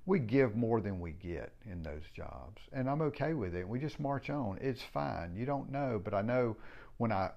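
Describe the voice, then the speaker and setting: A middle-aged man with a low voice speaks in a loose, rambling way, frank and plain-spoken, with an occasional curse. The recording sounds dull and lo-fi, as if the high end has been shaved off. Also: very animated, moderate pace, gravelly. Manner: rambling, frank, swears casually. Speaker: home builder, business owner. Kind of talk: casual reflective monologue.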